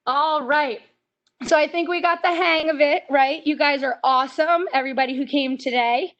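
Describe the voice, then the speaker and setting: An American woman with a high, lively voice leads a children's exercise class over a video call. She counts each rep out loud and keeps the kids going with encouragement. The sound comes through a home video call connection. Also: normal speed. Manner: upbeat, counts reps aloud and cheers kids on. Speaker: camp fitness instructor. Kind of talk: leading a kids' workout over video call.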